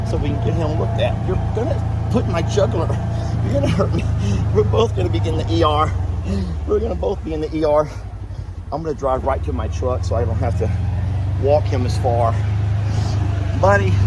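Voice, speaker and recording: Outdoors at night, a man on his emotional goat farm vlog softly coos to an injured animal and gets choked up addressing viewers. His voice is a little high, and heavy background noise surrounds it.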